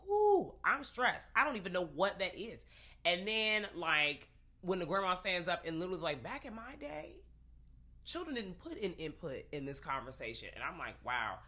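Woman, casual movie review chat, animated, swooping pitch, bright tone. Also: normal speed. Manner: animated, dramatic reactions. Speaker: podcast co-host.

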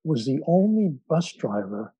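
A man who is a psychologist and author, a guest on an interview podcast, telling stories thoughtfully with frequent filler pauses. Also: a little high, sing-song, mellow, breathy edge, no room sound, poor audio. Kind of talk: relaxed storytelling in conversation.

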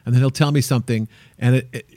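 A man's voice: mid-range voice, fast, no room sound. A man hosting a podcast in casual interview chat, laughing easily and joking. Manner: laughs easily, jokey and relaxed. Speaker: podcast host.

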